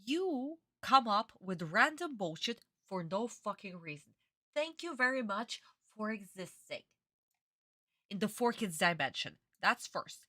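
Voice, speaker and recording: A woman's voice: medium pitch, very animated, measured pace, bright, forceful tone, dry recording, studio quality. A young woman ranting in a casual live-stream reaction, exasperated and swearing freely.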